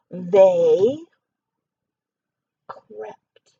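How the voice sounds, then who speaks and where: A woman reading a children's story aloud, animated, pausing to ask the young listener questions. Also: on the high side, slightly rough, no room sound, lo-fi sound.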